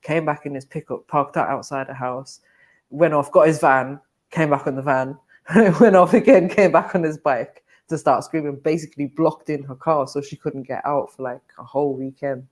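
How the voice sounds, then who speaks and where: A man's voice: on the high side, normal speed. A man chatting on a live panel, blunt, swearing and laughing often. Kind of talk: casual panel chat.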